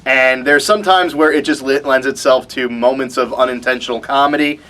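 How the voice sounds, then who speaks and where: A man's voice: medium pitch, steady tone, moderate pace, pushed and bright. A young man hosting a wrestling vlog, chatting casually with a wry, mock-reluctant tone. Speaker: wrestling show host.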